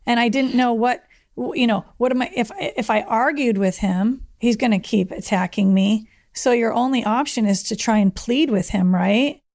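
A woman speaks in a documentary interview about an attack she lived through, and her voice sits a touch high with a gravelly fry. She talks earnestly, taking the listener back through each moment in plain terms. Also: normal speed, darkish tone. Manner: earnest, reliving events, with plain spoken retelling. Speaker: survivor telling her story.

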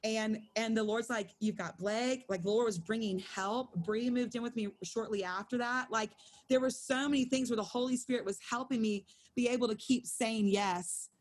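Woman in her 30s on a video call, kinda high voice, telling a faith story and acting out what she was thinking. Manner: animated, acts out her own inner thoughts in quotes. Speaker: Bible study co-leader. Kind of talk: casual testimony storytelling.

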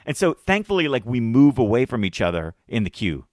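A man in his thirties co-hosts a podcast, telling a story in casual chat and animatedly acting out the voices of its characters. His mid-range voice moves fairly quickly, and the dry recording has clean studio sound.

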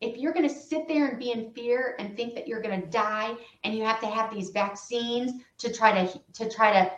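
A woman working as a patient advocate, telling a story in an interview with lively, re-enacted dialogue. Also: on the high side, normal speed, echoey room, muffled recording.

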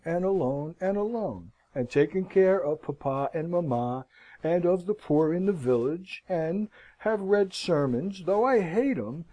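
A lovesick young girl, proud and impulsive, pouring out self-mocking outbursts, as a male audiobook reader gives her lines. The voice sits a little high with a lively, swooping melody, yet keeps a dark, mellow tone. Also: heavily acted, rough recording. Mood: tearful resolve. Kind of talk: audiobook reading.

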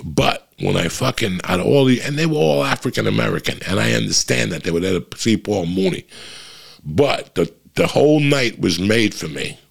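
A man's voice: lowish voice, animated, moderate pace, creaky, breathy edge. A male comedian from New Jersey telling a long, profane anecdote in casual chat, rambling with many restarts.

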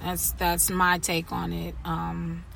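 Bright-voiced woman hosting a casual podcast. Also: on the low side, vocal fry, slight background noise, rough recording. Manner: animated, halting with many fillers. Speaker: podcast host.

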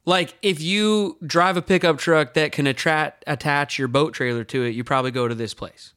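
A man's voice: fairly high pitch, normal speed, clear, resonant tone. A man in his thirties co-hosting a podcast, telling a funny story with lots of laughter and acted-out voices. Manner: animated storyteller, laughs often, acts out voices. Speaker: podcast co-host. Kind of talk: casual comedic chat.

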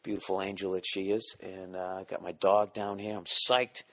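Deep-voiced male comic host, solo podcast monologue, profane, self-deprecating, drops into goofy voices. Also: level tone, normal speed. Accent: Boston. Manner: profane, self-mocking, jumps into silly voices; keeping voice down, quiet and low at times. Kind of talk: rambling comedic monologue.

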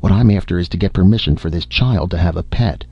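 A man reading the part of a brisk, blunt woman night nurse, in a deep voice. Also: animated, husky, no echo, muffled recording, heavily acted. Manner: direct, brisk, persistent.

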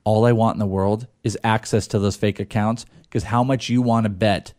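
A man's voice: lowish voice, fairly even intonation, moderate pace, a little mellow, no echo, studio quality. A man hosting a casual sports talk show who teases and jokes in banter. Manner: joking, teasing banter.

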